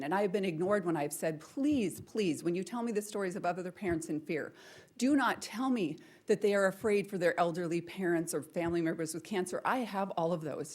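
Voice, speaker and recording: A woman and parent giving an emotional public comment at a school board meeting, pleading and repeating her questions. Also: lowish voice. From North Dakota, US.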